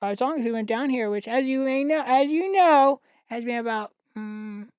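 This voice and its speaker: A woman playing an earnest, naive freshman boy stranded at the bottom of a well in an improvised comedy sketch, talking in halting, pleading bursts. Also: a little high, darkish tone, smooth, no echo, studio quality, close to an everyday voice.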